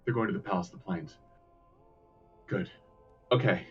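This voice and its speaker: A man playing a tabletop game, giving low, firm commands as his character. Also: moderate pace, husky, highs cut off, soft background music. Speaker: player.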